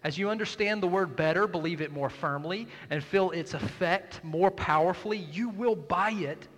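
A man preaching a sermon, his voice sitting high for a man. He swings from hushed, almost whispered asides to loud, emphatic calls to the congregation. His voice rings through the long reverb of a big church hall. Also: moderate pace. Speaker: pastor.

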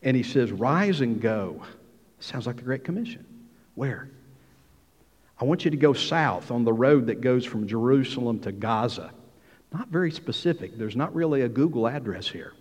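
A man's voice: medium pitch, normal speed, darkish tone, husky. Man preaching in a reverberant hall. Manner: storytelling, acting out dialogue with rising emphasis. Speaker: pastor. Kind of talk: sermon. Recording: dull hall sound with long reverb.

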